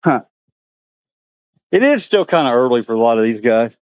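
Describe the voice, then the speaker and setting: A man's voice: very animated, moderate pace, smooth, no echo, phone-quality sound. A man, chatting casually on a handheld camera vlog outdoors at an animal park, talking to the animals. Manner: chatty, talks to animals in a high sing-song. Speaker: vlogger.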